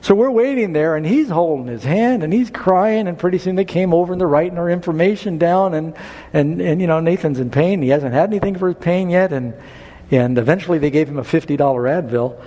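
A man preaching a sermon, telling a personal story in an animated way and building to emphatic appeals. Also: a little high, fairly quick, long reverb tail.

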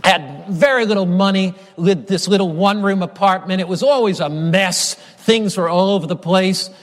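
A man's voice: high-pitched, normal speed, in a large hall. A male preacher delivering a sermon, emphatic and storytelling, building his points through repeated phrases.

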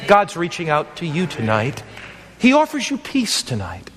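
Brief: male pastor, fervent repetitive sermon delivery, high voice, long hall echo. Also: huge pitch swings, normal speed, a bit bright. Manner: earnest, emphatic, repeats phrases. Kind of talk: evangelistic sermon.

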